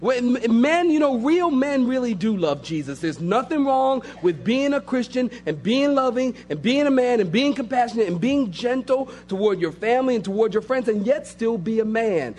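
A man's voice: very high-pitched, very animated, normal speed, few pauses, darkish tone. A man preaching a sermon as pastor, emphatic and repetitive, building phrase upon phrase.

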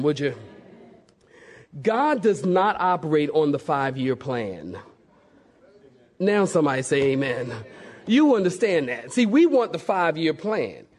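Guy preaching a sermon, high voice, acts out every quote, pitch jumping all over. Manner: animated, acts out quotes with big pitch swings.

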